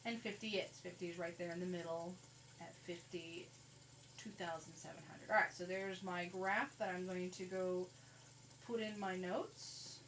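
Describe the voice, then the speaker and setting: A woman's voice: lowish voice, steady tone, moderate pace, a bit bright, distant mic, rough recording. Woman teaching math, slightly off-mic. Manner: conversational, walks through calculator steps. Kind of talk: recorded classroom lecture. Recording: faint noise, voice a bit off-mic.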